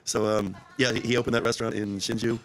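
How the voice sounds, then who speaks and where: A man who owns a restaurant chats casually as a podcast guest. His voice is low and gravelly, and he talks quickly. He laughs often and restarts his sentences. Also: little pitch movement, fairly bright tone, slight background noise. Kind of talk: casual chat.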